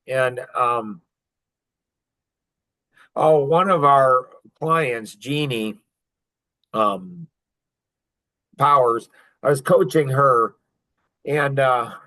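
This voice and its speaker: A man's voice: mid-range voice, bright, forceful tone. A man in his fifties telling stories on a podcast in a casual, joking and boastful way, laughing often. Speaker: podcast guest. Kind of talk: casual storytelling.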